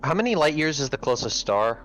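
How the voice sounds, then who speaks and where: A man at a tabletop game, explaining things in halting, restarting sentences. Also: medium pitch, very animated, a bit bright. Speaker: player.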